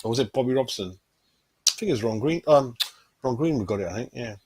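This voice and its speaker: A man's voice: mid-range voice, lively intonation, fast talker, a little mellow, breathy edge, no room sound. A man hosting a fan channel, chatting casually on a livestream, constantly saying "mate" and tossing in tag questions.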